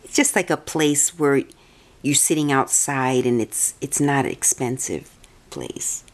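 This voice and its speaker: Low-voiced chatty woman. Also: a little slow. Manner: meandering, chatty, many restarts. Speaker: vlogger. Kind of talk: casual personal storytelling.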